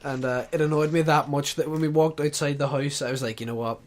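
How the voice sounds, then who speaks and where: Higher-voiced man chatting, hesitant. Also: steady tone, a little fast. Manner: hesitant, laughing, lots of fillers. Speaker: podcast host. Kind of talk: casual chat.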